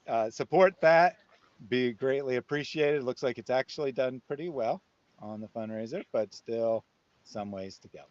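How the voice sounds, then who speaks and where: A man's voice: medium pitch, no room sound. Laid-back joking man on a livestream. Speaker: co-host of a livestream. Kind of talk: casual chat. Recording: dry, slightly muffled stream audio.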